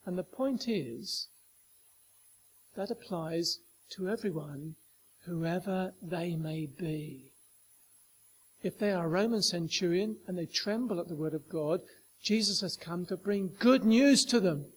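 A man with a notably high voice delivers a sermon. He talks emphatically, repeating phrases for weight and putting questions straight to his listeners. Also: lively intonation, a little slow, a little hiss or hum. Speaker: preacher.

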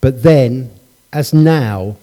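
A man's voice: mid-range voice, extremely slow, mellow. A middle-aged man preaching a sermon, telling a family story and asking his congregation rhetorical questions in a conversational way.

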